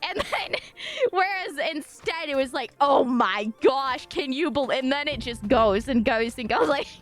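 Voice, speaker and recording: A woman's voice: a little high, a bit bright. A young woman streaming live, chatting casually with her viewers in a giggly, rambling, apologetic way.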